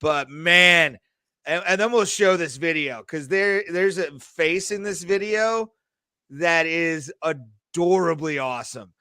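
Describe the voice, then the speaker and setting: Man, podcast host, rambling and jokey, bright slightly high voice; dry mic. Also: slow, clean tone, no room sound. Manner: joking, rambling, laughs often. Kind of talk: casual chat.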